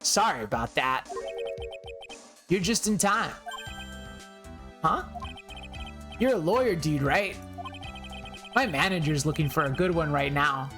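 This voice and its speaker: A woman's voice: deep voice, lively intonation, takes it slowly, long pauses, music in the background. A woman voicing a laid-back adult man who keeps saying dude, in an easygoing, slangy drawl.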